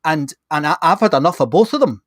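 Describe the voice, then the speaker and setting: A man's voice: on the high side, quick pace, no room sound, studio quality. A man hosting a podcast, talking bluntly and with energy in casual conversation, often restarting his sentences. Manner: animated, blunt, many restarts. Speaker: podcast host.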